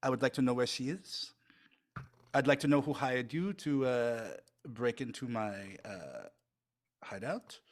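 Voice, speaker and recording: Man doing a French-accented male crime boss, scheming, halting, pausing, mid pitch. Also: animated, natural voice. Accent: put-on French. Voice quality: halting speech with thick fake accent, many "uh" pauses. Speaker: game master voicing a character.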